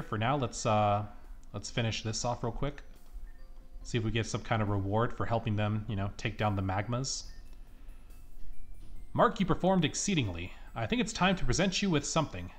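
A man casually commenting while playing a video game, reacting and laughing. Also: medium pitch. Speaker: let's player.

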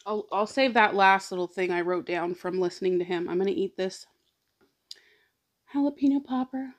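A woman hosting a mukbang vlog, chatting casually and reflectively between bites. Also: mid-range voice. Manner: slow, reflective, motivational. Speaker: mukbang vlogger. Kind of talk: casual chat while eating.

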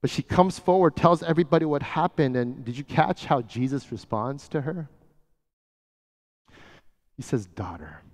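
Pastor guy preaching chatty style, goes real quiet at times, echoey church hall. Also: on the high side, brisk, hardly any pauses. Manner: conversational, often drops to a soft hush. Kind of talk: sermon. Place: church sanctuary. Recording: church hall with long reverb.

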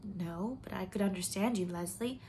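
Gentle young wife, soft and soothing, mid pitch from a woman reader. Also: moderate pace, slight background noise, lightly acted. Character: gentle, calm young wife comforting a friend.

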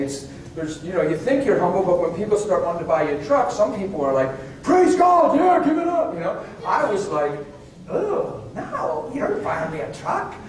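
A man preaching in a very echoey hall, picked up from well away from the mic with faint noise underneath. He tells personal stories with animated swings from hushed asides to high, excited exclamations. His voice sits at a middle pitch. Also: distant mic. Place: church meeting hall.

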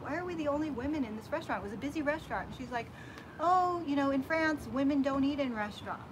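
A high-pitched woman hosts a relaxed chat and tells a story with lots of energy, playing out each quoted line herself. The recording carries clear background noise. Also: fast talker. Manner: animated storyteller acting out quotes. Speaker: host. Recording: background noise from a nearby worker.

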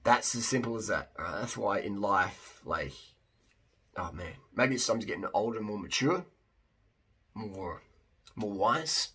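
A man's voice: fairly low pitch, expressive, a little slow, long pauses, pushed and bright, breathy edge. A man talking casually to camera as a fitness vlogger and coach, emphatic and blunt, with many restarts.

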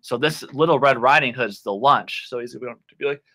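A man teaching a children's English class online in a playful, animated way, with sound effects. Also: medium pitch, a little fast.

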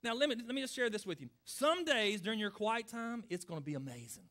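A middle-aged pastor preaching in a voice pitched high for a man. He talks earnestly and conversationally and keeps putting direct questions to his listeners. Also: lively intonation, fast, a bit bright. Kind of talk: sermon answering questions.

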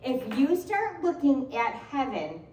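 A middle-aged woman pastor delivering a sermon, her slightly high voice leaping up and down as she tells playful stories. She is recorded from some distance in a roomy, echoing church. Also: slow, slight background noise. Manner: animated, playful storytelling with laughter. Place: church sanctuary.

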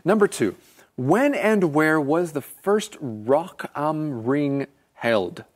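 A man co-hosting a scripted English lesson, reading quiz questions clearly in a playful manner. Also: on the high side, animated, takes it slowly. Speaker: co-host of an English lesson show.

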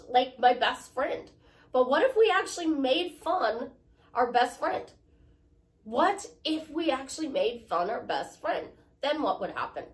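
A woman life coach giving a chatty, motivational talk, repeating her points and joking about herself. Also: high voice. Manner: chatty, repetitive, self-deprecating. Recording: voice from a distant mic.

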